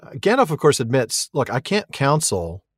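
A man's voice: medium pitch, very animated, moderate pace, husky, no echo, studio quality. A man co-hosting a casual podcast, chatty and laughing, retelling events with wry jokes. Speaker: podcast co-host. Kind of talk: casual chat.

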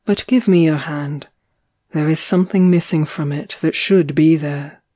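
Storybook lover, male, tender and unhurried, read by a woman narrator; mellow, dry delivery. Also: sits low, no room sound. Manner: gentle, soothing, measured. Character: tender young man, devoted lover, calm.

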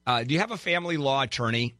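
A man's voice: mid-range voice, expressive, racing, sharp tone, no room sound. A man hosting a call-in legal advice radio show, brash and teasing, giving callers blunt advice with wisecracks.

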